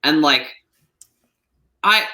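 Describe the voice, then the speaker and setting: A man's voice: fairly high pitch, animated, drawn-out words, sharp tone. A man co-hosting a casual podcast discussion, thinking aloud with lots of fillers. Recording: roomy echo.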